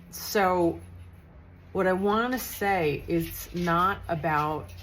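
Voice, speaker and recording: A woman's voice: sits low, slight background noise, low-quality recording. A woman in her fifties, a psychic medium telling a story in a chatty, earnest way with frequent restarts. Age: 50s. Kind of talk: casual storytelling monologue.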